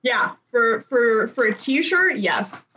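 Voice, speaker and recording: A woman who works in costumes, explaining things in a casual, halting way and laughing easily. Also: on the high side, expressive, sharp tone. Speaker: costume professional. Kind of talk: casual explaining on a video call.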